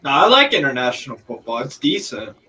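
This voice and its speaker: A man streaming live football commentary, chatting casually with a friend between excited play-by-play calls. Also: medium pitch, brisk, breathy edge, poor audio.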